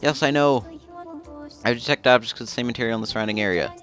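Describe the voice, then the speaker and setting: A man reading the lines of a formal, robotic female sword spirit in a video game, quickly and stiffly. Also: mid-range voice, a bit bright, soft background music, lightly acted.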